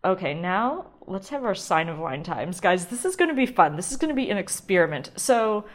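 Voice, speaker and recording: A woman's voice: on the low side, very animated, moderate pace. A woman hosting a casual solo podcast, chatty and rambling, often restarting and laughing. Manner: chatty, rambling, self-interrupting with frequent ums and laughs. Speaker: podcast host.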